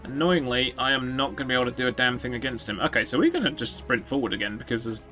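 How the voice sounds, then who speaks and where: Man, casual game commentary, very animated delivery, bright voice, wry and profane. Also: medium pitch, fast, soft background music. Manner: sarcastic, swearing, jokey asides to chat. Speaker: streamer.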